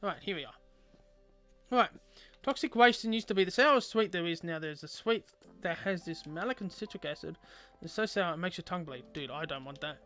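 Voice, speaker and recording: A man's voice: sits high, expressive, fairly quick, a bit bright, faint music behind. A man streaming a game, chatting casually with viewers and rambling aloud with lots of fillers.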